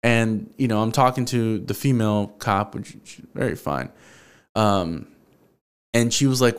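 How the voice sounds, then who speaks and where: A man with a smooth, clear voice talks through a story on his own podcast. His pitch sits in an ordinary middle range. He swears freely and keeps slipping into quoted back-and-forth dialogue. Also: normal speed. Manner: profane, animated, acts out quoted dialogue. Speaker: podcast host. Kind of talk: casual solo storytelling.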